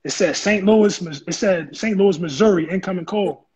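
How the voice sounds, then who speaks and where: A man telling his story in an interview, animated and acting out the voices of people he quotes. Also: high-pitched, moderate pace, husky. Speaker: interview guest, former football player. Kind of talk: casual storytelling.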